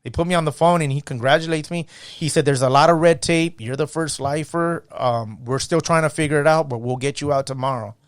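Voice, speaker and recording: Man telling his story, lively and dry. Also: a little high, brisk, no echo. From San Gabriel Valley, California. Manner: animated storyteller, acts out quoted voices, fillers like "you know what I mean". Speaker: podcast guest. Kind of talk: casual storytelling interview. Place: podcast studio.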